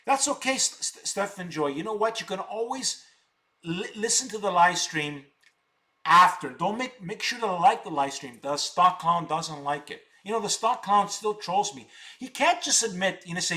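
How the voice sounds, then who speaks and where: A man's voice: high voice, very animated, moderate pace, sharp tone. A middle-aged man hosting a live stock-trading stream, boasting and combative, repeating words for emphasis.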